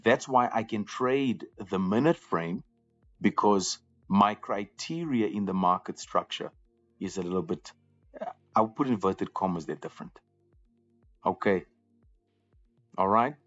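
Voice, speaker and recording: A man's voice: on the low side, measured pace, pauses often, a bit bright. A man hosting a live trading room, talking casually to viewers and often repeating words as he goes. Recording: slightly dull lo-fi audio with faint music.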